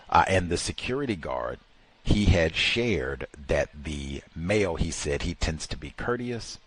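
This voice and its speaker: A man's voice: low-pitched, lively intonation, slow, breathy edge. A man hosting a talk show, telling a rambling, exasperated anecdote in casual chat. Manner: rambling, exasperated storytelling with many "like" fillers.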